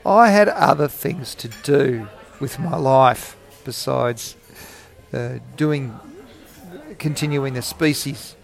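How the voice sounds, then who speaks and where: A man's voice: mid-range voice, slow, vocal fry. A man in his forties, hosting a rambling, jokey, self-mocking solo podcast recorded in a cafe. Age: 40s. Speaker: podcast host.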